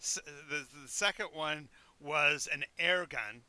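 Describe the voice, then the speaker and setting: Male game master, bright and forward tone, chatty, stammering. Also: fairly high pitch, takes it slowly, smooth. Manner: rambling, stammering asides. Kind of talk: narrating a tabletop game.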